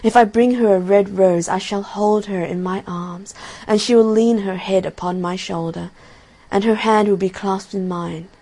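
A woman's voice: medium pitch, fairly even intonation, moderate pace, hardly any pauses, dark tone, lightly acted. A woman reading aloud and voicing a sorrowful, lovesick young male student in a plaintive, dreamy tone. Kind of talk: storybook reading.

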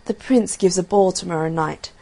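A sorrowful young student pines aloud in a plaintive, dreamy voice, as a woman reading the tale puts him on. It stays close to a gentle storybook reading. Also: fairly low pitch, moderate pace, vocal fry. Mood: lovesick.

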